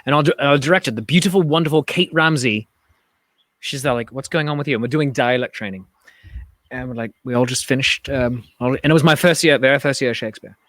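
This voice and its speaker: A man hosting a casual livestream chat, telling stories in an animated way, acting out other people's voices and gasps. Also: mid-range voice, a little fast, no echo. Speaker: host.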